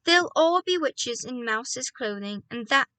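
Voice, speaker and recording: An eager, excitable young boy who has been turned into a mouse, piping high and bright, as a woman reads him in a storybook. His lines bounce with lively ups and downs in pitch. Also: unhurried, no room sound, far from the mic, heavily acted, rough recording.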